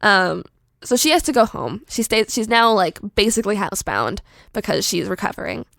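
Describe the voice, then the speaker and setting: A young woman podcast host casually pitching a horror story, chatty and animated with lots of filler words. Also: moderate pace, vocal fry, dry recording, clean studio sound.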